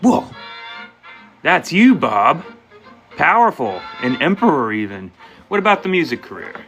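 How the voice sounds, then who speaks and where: Playful bright-voiced man reading tarot. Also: on the high side, a little slow, faint music behind. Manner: animated and playful, talking straight to viewers; voices questions and answers as quoted speech. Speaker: tarot reader taking questions. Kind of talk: live tarot reading for viewers.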